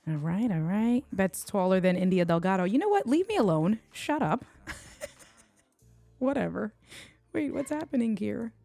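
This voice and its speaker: A woman's voice: mid-range voice, gravelly, a little mellow, dry recording. A woman from Puerto Rico hosting a casual livestream unboxing at home, chatting and bantering with viewers in the chat. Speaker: tech livestream host.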